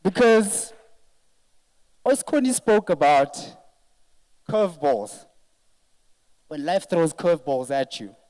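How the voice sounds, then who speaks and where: Man, emotional organizer at the podium, earnest and apologetic, slightly raised pitch. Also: very animated, slow pace, pauses often, a little mellow, rough recording. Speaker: event organizer giving a thank-you speech. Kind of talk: emotional live speech to an audience. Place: event venue, speaking to an audience.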